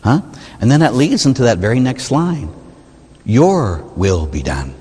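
A man's voice: medium pitch, wildly swooping pitch, measured pace, warm tone, breathy edge. A man, a Catholic priest, preaching a sermon in a church in a conversational way, full of rhetorical questions. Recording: long reverb of a church hall.

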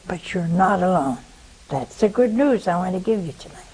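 A woman's voice: expressive, normal speed, a little mellow, slight background noise, low-quality recording. An older woman with a Southern American accent preaching a sermon, telling a story and asking rhetorical questions. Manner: storytelling, rhetorical questions, pitch swings for emphasis.

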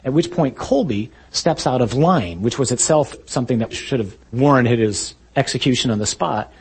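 A man preaching a sermon, retelling a story vividly and acting out shouted lines. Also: mid-range voice, lively intonation, moderate pace, breathy edge.

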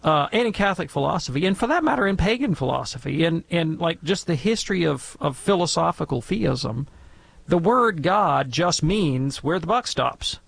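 A man's voice: on the high side, expressive, moderate pace, vocal fry, fairly bright tone, slightly rough. A man talking as a guest on a call-in radio show, explaining in a chatty, digressive, playful way. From Alabama, US. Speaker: guest theologian answering questions. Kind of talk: conversational radio Q&A.

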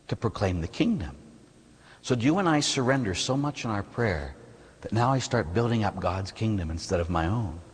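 A Catholic priest giving a sermon in a church, animated and conversational, full of rhetorical questions and asides to the congregation. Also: male voice, lowish voice, slightly rough. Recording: echoey church with long reverb.

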